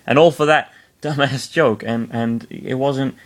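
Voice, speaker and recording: A male reader at an ordinary middle pitch reads a fan story aloud and keeps stepping out of it. His comments are wry and self-deprecating, full of quick apologies for his own jokes. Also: steady tone. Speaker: reader, narrator.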